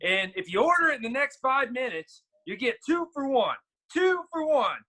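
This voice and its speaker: A man putting on a loud male TV pitchman who is selling a gadget in an over-the-top way, heard over a video call. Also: big pitch swings, exaggerated voice. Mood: hard sell. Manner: over-the-top, drawn-out sales shouting. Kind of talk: impression on a video-call game show.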